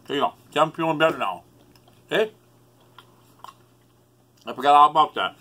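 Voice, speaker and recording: Man, solo vlogger, rambling and emotional with frequent swearing; slightly high, bright tone. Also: expressive, moderate pace, pauses often. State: upset, near tears. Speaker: YouTuber.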